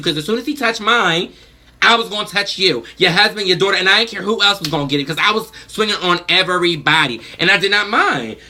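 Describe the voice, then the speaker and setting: Mom vlogging to camera, really forceful sharp voice, animated and blunt. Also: female voice, mid-range voice. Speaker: vlogger, mother. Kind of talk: casual storytelling to camera.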